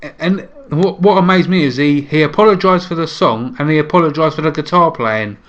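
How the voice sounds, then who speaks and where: A man's voice: on the high side, fairly quick. A man co-hosting a podcast in casual chat, with dry, teasing humor. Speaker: podcast co-host. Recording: dull lo-fi mic.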